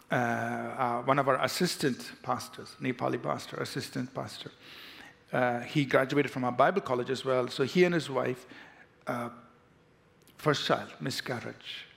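A man's voice: medium pitch, moderate pace, creaky. A pastor preaching a sermon, leading his congregation in repeated declarations with emphatic call-and-response. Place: church sanctuary.

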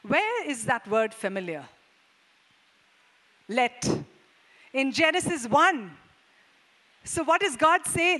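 A woman preaching with a high voice. She draws answers from the congregation and stresses key words loudly, then drops into quick, low asides. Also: sing-song. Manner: call-and-response preaching, questions to the congregation; dynamic, shifts between loud emphasis and low quick asides. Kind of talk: sermon.

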